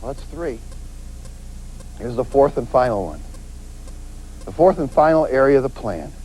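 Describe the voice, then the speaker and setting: A man, a police detective, giving a lively lecture on avoiding crime, acting out quoted voices and hammering points with repetition. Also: mid-range voice, moderate pace, a little hiss or hum, rough recording. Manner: animated, acts out quoted voices, emphatic repetition.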